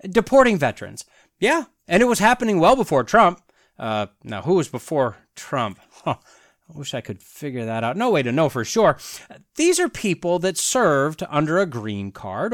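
Sarcastic man with a lively, bouncing voice. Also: a little high, dry recording, clean studio sound. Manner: sarcastic, wry asides. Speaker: podcast host. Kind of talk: political commentary monologue.

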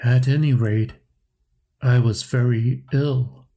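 Give me a man playing a reflective old uncle, slow and husky, in a storybook reading. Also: medium pitch, fairly even intonation, mellow. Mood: subdued. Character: old lame uncle recalling lost love.

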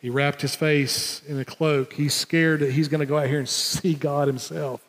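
High-voiced preaching pastor, man. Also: level tone, normal speed, fairly bright tone, long reverb tail. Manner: emphatic preaching, voices God and Elijah in quotes. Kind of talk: sermon.

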